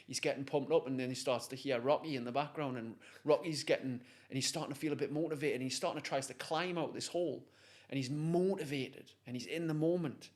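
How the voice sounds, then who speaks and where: A man tells a story as a guest in a conversation. He is animated and pulls listeners in, with a middle-pitched voice. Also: brisk, few pauses. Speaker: guest, motivational speaker.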